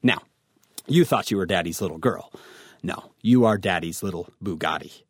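A man's voice: deep voice, normal speed, no room sound, clean studio sound. A man giving a devotional talk to teens, telling a story and speaking straight to his listeners. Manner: storytelling, addresses listeners directly. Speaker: youth speaker.

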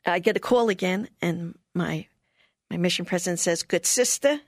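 An older woman being interviewed, telling a personal story in a lively way and often laughing. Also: fairly low pitch, moderate pace, no echo, studio quality.

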